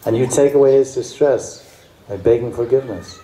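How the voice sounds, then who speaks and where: A man's voice: medium pitch, fairly quick, warm tone, reverberant, slight background noise, natural voice, low-quality recording. A man voicing a stern, protective god who bluntly threatens an angry sage, in a devotional story told during a lecture. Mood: threatening.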